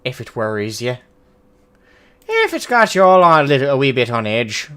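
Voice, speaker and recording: A man's voice: medium pitch, big pitch swings, normal speed, fairly bright tone. A man streaming a game, chatting casually and self-mockingly with viewers. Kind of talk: casual gameplay commentary.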